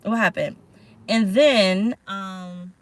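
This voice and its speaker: A woman's voice: medium pitch, very slow, no room sound, low-quality recording. A woman tarot reader talking casually in a vlog, rambling and frank, swearing now and then. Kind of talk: casual spiritual vlog talk. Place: parked car.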